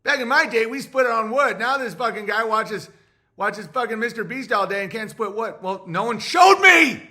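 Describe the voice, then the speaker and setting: Guy doing a whiny grown-up son yelling at his dad, squeaky high and sharp. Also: steady tone, fairly quick. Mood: indignant. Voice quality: high, shouting, indignant. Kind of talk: comedic rant.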